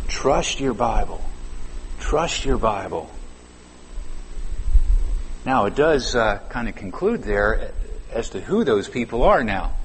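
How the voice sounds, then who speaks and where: A man's voice: lowish voice, a little hiss or hum. Man preaching in a reverberant hall. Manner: conversational preaching with sudden emphatic stresses. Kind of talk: sermon. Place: large church conference hall. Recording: reverberant hall with faint ambience.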